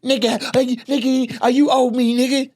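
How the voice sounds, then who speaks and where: A man's voice: very high-pitched, flat delivery, normal speed, darkish tone, pitched above the performer's own voice. A man mimicking a whiny, entitled comic. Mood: whiny demanding. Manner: whiny, pushy, repeating demands. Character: entitled male comic demanding pay, whiny.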